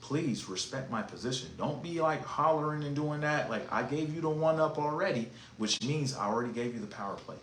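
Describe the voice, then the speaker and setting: A man hosting a casual podcast monologue, talking in an emphatic, animated, slangy and preachy way. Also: on the high side, a little fast, hardly any pauses, slight background noise. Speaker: podcast host. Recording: echoey room with faint ambience.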